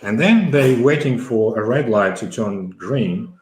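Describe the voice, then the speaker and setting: A man's voice: mid-range voice, animated, measured pace. A middle-aged man from the former Soviet Union, telling a long story as an interview guest, with many fillers and restarts. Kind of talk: conversational storytelling. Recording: echoey room.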